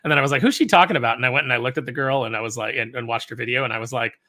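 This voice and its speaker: Bright-voiced, animated male co-host. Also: medium pitch, racing. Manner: animated storyteller, laughs often. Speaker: podcast co-host. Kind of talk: casual chat.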